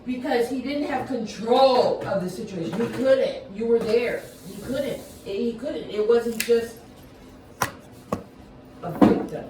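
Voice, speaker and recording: Speaking slowly in a fairly high pitch, this woman recounts a heated personal story over loud background noise in a room full of echo. Her casual telling is profane and worked up, with sentences constantly started over.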